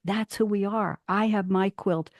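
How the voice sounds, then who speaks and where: Animated woman reading poems aloud. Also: unhurried, dry recording, studio quality. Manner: animated, rising pitch on emphatic phrases. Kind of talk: casual chat and poetry reading.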